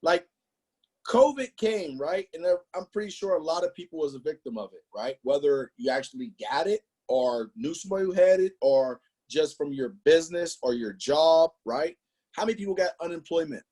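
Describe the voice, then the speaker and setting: A man's voice: on the high side, expressive, normal speed, darkish tone, husky. A man giving an emphatic, motivational sales presentation on a business call, talking straight to his audience. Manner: hyped, emphatic, talks to the audience directly.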